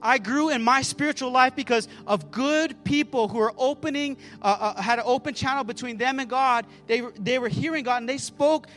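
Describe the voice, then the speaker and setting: A man's voice: very high-pitched, moderate pace, few pauses, a bit bright, faint music behind. A man preaching a sermon as pastor, calling out to the congregation and often repeating words as he restarts a phrase. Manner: fervent, calls out to the congregation.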